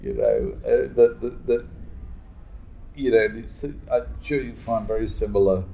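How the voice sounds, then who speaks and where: A man's voice: medium pitch, big pitch swings, unhurried, vocal fry, warm tone, slight background noise, low-quality recording. Wry older man telling stories. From Britain. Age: 60s. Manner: wry, storytelling, chuckles often. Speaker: guest author. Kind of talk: conversational anecdote. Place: pub.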